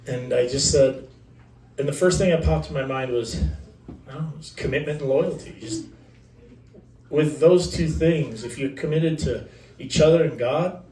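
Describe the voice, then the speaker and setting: Rambling joking groom, roomy and distant. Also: male voice, medium pitch, a little mellow, a little hiss or hum. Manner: rambling, self-deprecating, joking. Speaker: groom giving vows. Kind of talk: unscripted wedding vows. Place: wedding ceremony. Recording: roomy, from a distance, faint background ambience.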